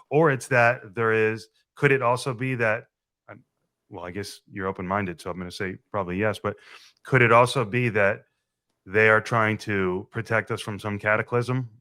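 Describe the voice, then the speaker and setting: A male interview host who thinks out loud while he asks, circling before reaching his question. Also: lowish voice. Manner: hesitant, thinking aloud in questions. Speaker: show host. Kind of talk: conversational interview.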